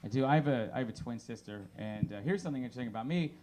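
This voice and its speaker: A thirtysomething comic races through a stand-up set of deadpan one-liners, speaking at medium pitch into a handheld mic on a small bar stage.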